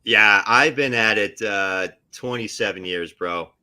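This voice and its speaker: A middle-aged actor spins stories in a lively, animated way, ducking into little voices for the people in them. His voice is bright and forceful. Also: on the low side, measured pace, clear, resonant tone. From New Jersey area. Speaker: actor guest. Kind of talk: casual storytelling on a live stream.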